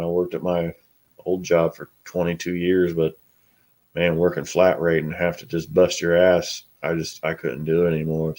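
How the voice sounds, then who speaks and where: A middle-aged man hosting a casual live stream, talking bluntly and swearing freely. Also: deep voice. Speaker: host.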